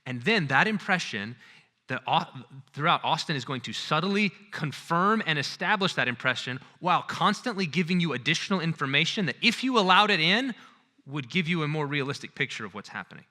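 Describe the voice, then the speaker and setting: A male lecturer giving a conference talk in an animated, conversational way, acting out scenes as he goes. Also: on the high side, fairly quick.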